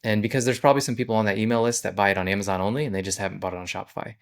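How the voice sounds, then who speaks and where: A man's voice: on the low side, steady tone, racing. A man who owns a business, explaining his sales process in a casual, conversational vlog. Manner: conversational, walks through steps plainly. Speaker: business owner.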